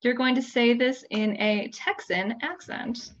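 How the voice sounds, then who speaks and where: A woman's voice: fairly high pitch, measured pace, muffled recording. Upbeat woman running a game. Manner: upbeat, laughs often. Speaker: dungeon master. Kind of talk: casual game chat.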